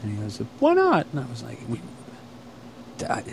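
A man in casual chat, telling stories with lots of swearing and mimicking a friend in a higher voice. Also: fairly even intonation, moderate pace, gravelly, slight background noise.

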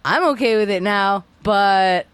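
A woman's voice: medium pitch, fairly even intonation, measured pace, clean tone, no echo. A woman co-host in casual chat, talking bluntly and telling a story.

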